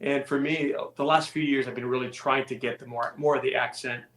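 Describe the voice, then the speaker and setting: Musician guest in echoey room. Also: male voice, mid-range voice, brisk. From California. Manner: relaxed storytelling, self-deprecating. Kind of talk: casual interview chat.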